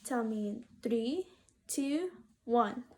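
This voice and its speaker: A woman teaching a phonics lesson to young children, saying each word twice slowly and inviting them to repeat it. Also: fairly high pitch, lively intonation, warm tone. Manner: slow, clearly sounded-out words with call-and-response prompts.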